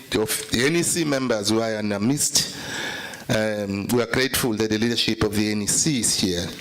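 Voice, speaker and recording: A man's voice: fairly low pitch, fairly bright tone. A man giving a political speech at a summit, opening with rousing call-and-response chants. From South Africa.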